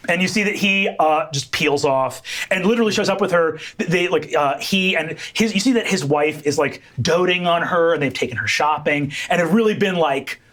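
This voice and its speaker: Game master guy, kinda high voice, lots of um and uh, light hiss. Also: moderate pace, hardly any pauses, fairly bright tone. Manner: rambling, many fillers and restarts. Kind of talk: narrating a tabletop game.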